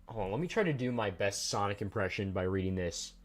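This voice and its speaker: A man's voice: fairly low pitch, animated, fast. A man hosting a livestream, chatting casually and joking as he rambles and talks to his chat. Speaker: livestream host.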